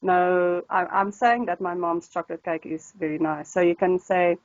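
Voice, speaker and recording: A woman, an Afrikaans speaker talking in English as an interview guest, chatty and animated with many restarts. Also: fairly low pitch, moderate pace, no echo. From South Africa. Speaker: language tutor, interview guest. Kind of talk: casual interview. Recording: slightly dull, dry recording.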